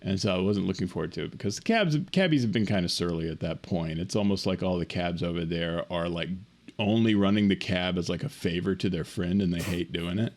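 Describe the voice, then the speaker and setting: A man co-hosting a podcast, telling a story in a casual, animated, laughing way over a remote call. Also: deep voice, brisk. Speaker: podcast co-host.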